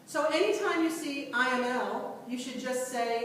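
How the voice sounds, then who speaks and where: A woman teaching a class and quizzing the students, lively, recorded from far off in a large lecture room. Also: high-pitched, normal speed, slight background noise. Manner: lively, asks the class questions. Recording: echoey hall from far off.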